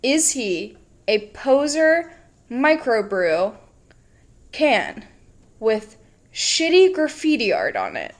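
A woman co-hosting a podcast in casual chat, teasing and wry, quick to laugh. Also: fairly high pitch, big pitch swings. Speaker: podcast co-host.

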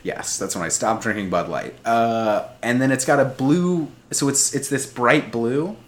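A man's voice: mid-range voice, measured pace. A man co-hosting a podcast in casual chat, rambling and poking fun at himself, laughing often. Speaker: podcast co-host.

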